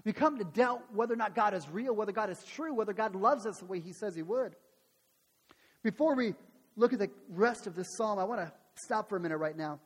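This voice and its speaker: Husky-voiced preacher in a reverberant hall. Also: male voice, high voice, expressive, brisk. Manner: earnest, asks rhetorical questions, repeats phrases. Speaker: pastor. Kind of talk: sermon.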